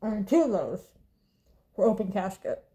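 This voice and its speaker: Eating as she chats, a Southern US vlogger aged twenty-one speaks bluntly and casually, cursing without restraint and slipping into laughs and sighs. Her mid-range voice is mellow and very animated, at a moderate pace.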